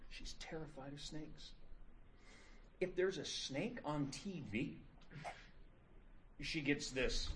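A man's voice: on the high side, a little hiss or hum. A middle-aged man teaching a class, lecturing casually and telling stories with jokes. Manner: casual, joking storyteller.

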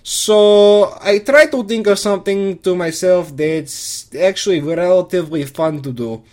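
A man's voice: high voice, a little slow, darkish tone. A man delivering a comedic first-person monologue, rambling and crude, with lots of restarts.

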